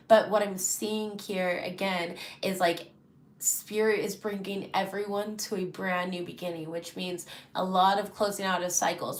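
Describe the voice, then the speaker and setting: A woman giving a casual, chatty tarot reading, animated and full of fillers. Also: mid-range voice, reverberant. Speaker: tarot reader.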